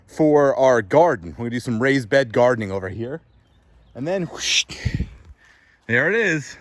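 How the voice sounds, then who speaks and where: A man's voice: mid-range voice, no echo. A man hosting a casual homestead how-to vlog outdoors in his garden, chatty, explaining as he works and a bit out of breath. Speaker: homestead vlogger.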